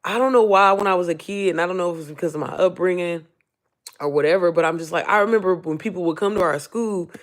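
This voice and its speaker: A woman talks straight to her viewers in a loose live-stream Q&A, her voice hoarse and worn. She rambles, circles back, and speaks from the heart, often near tears. She keeps calling the audience y'all and sis. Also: lowish voice, quick pace. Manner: emotional, close to tears. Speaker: online business coach.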